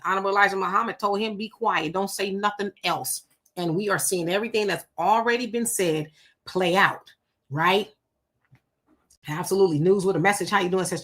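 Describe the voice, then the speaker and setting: Woman host, crisp bright tone, casual live-chat reader. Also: mid-range voice. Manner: greets commenters by name and reacts conversationally. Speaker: livestream host reading chat comments.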